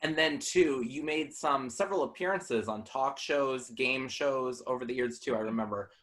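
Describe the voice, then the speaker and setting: A man's voice: medium pitch, normal speed, a bit bright. A man hosting an interview show, asking his guest to share her experiences. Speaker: talk show host. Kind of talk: interview questions.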